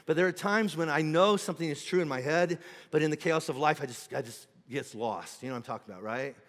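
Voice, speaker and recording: Middle-aged pastor preaching in a hall. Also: male voice, fairly high pitch, fast talker, a bit bright. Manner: conversational, acts out quoted voices. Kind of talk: sermon. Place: church auditorium.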